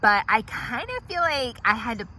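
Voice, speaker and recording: A woman's voice: on the high side, big pitch swings, moderate pace, sharp tone, slight background noise, low-quality recording. A woman playing an entitled, self-righteous woman who rambles indignantly through her complaints in a comedy sketch. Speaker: comedic character monologue. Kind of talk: comedy sketch monologue to camera.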